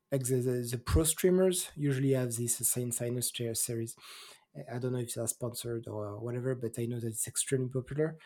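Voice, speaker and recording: A man's voice: medium pitch, mellow. A man co-hosting a casual gaming chat show, offhand and questioning, sometimes searching for words. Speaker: podcast co-host.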